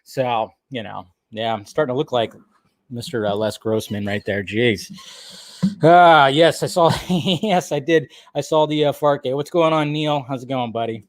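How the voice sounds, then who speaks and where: A man's voice: mid-range voice, moderate pace, no room sound, clean studio sound. A man hosting a casual live stream, chatting and joking while he greets viewers by name.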